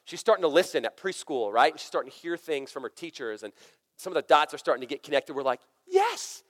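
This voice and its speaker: Storytelling pastor in a reverberant hall. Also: male voice, fairly high pitch, fast talker. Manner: conversational, storytelling, energetic. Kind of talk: sermon. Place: church sanctuary.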